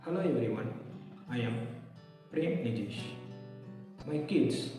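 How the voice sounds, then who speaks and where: A man giving a prepared, measured testimonial as a parent. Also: mid-range voice, expressive. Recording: echoey hall, distant mic, music behind.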